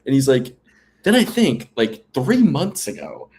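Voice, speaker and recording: A man's voice: medium pitch, wildly swooping pitch, unhurried, vocal fry, a little mellow, slight background noise. A man co-hosting a casual podcast chat, telling long rambling stories with fillers and restarts. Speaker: podcast co-host.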